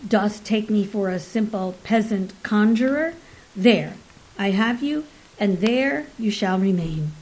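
A woman's voice: medium pitch, animated, takes it slowly, darkish tone, low-quality recording. A woman reading aloud, voicing a boastful Elizabethan male conjurer who declaims in archaic speech. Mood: scornful.

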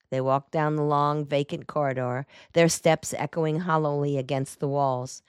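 A woman reading a detective novel aloud in a measured, even storytelling manner. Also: sits low, clear, resonant tone, no room sound, studio quality. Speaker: audiobook narrator. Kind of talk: scripted narration.

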